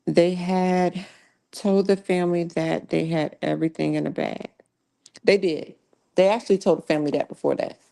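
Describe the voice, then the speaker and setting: Woman on a crime livestream, low gravelly mellow voice, blunt and cussing a lot. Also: fairly even intonation, moderate pace. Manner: blunt, heavy cussing, slangy. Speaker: livestream host. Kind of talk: true crime live commentary.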